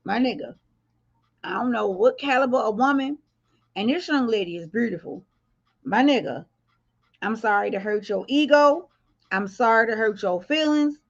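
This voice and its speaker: A woman's voice: fairly high pitch, moderate pace, long pauses, highs cut off. A woman hosting a live commentary stream, blunt and profane, joking as she reacts to clips.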